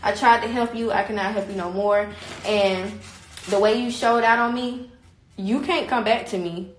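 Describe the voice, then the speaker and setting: A woman's voice: mid-range voice, steady tone, moderate pace, roomy sound, a little hiss or hum, rough recording. A young woman on a phone live stream, talking in a heated, blunt and repetitive way, with frequent swearing. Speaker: livestreamer. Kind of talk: casual livestream rant.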